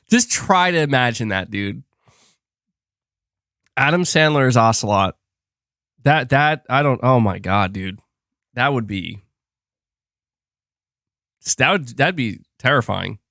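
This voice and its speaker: A young man hosting a casual gaming podcast, rambling excitably with restarts and laughs as he reads viewer messages. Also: mid-range voice, takes it slowly, creaky, pauses often, no echo, studio quality. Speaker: podcast host reading super chats. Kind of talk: casual live-stream chat.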